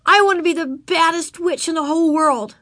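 A woman voicing an excited little girl who wants to be the baddest witch, shrill and eager. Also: brisk, no echo, clean studio sound.

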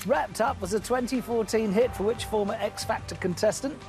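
A man hosting a quiz show, brisk, upbeat and teasing. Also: high voice, music in the background.

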